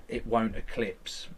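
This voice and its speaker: A man's voice: medium pitch, a bit bright, a little hiss or hum. A man, candidly retelling events in an interview and acting out quoted lines, with some casual swearing.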